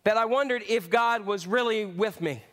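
A pastor preaching with a fairly high, animated voice. He calls out to the congregation, then drops to quiet, reflective moments as he talks through scripture. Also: moderate pace. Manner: lively preaching with swings from loud to hushed. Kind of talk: sermon.

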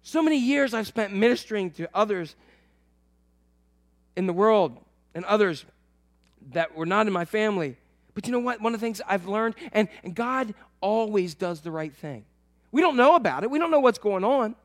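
A man preaching a sermon to his church, swinging between loud emphatic lines and soft, low asides. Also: lively intonation, normal speed. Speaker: pastor.

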